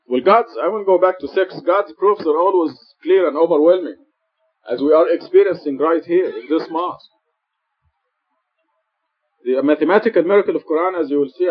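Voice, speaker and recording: A man gives an earnest sermon in a mosque, stressing his points by repeating them. His voice sits a little high for a man. The recording is muffled and lo-fi. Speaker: preacher teaching Quran study. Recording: dull lo-fi recording.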